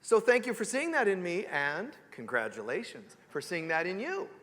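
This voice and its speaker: A man giving an animated sermon as a spiritual teacher, joking and asking rhetorical questions. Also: sits high, moderate pace, long reverb tail. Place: church sanctuary.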